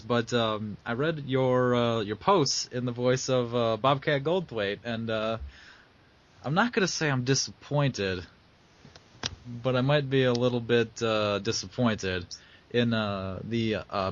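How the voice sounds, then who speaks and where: A man's voice: medium pitch, a little slow, highs cut off. A man co-hosting a casual podcast chat in a joking, teasing way. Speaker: podcast co-host.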